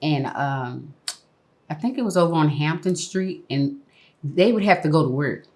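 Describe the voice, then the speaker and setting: Folksy woman, low lively voice. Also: moderate pace. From Dallas, Texas. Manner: relaxed, folksy, many mm-hmms. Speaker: guest, dress and wig designer. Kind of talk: casual chat over supper. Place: home kitchen table.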